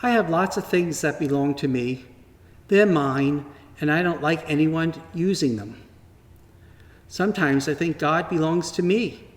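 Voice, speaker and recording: A man slowly and gently reading a children's story aloud at church, in a wondering tone with pauses. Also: on the high side. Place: church sanctuary. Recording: long reverb from a large hall.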